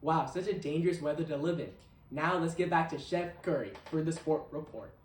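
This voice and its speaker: A man's voice: a little high, a little fast, slight background noise. A man reading a scripted mock newscast as the anchor, in a read-aloud style. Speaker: news anchor. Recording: echoey room, mic at a distance, music behind.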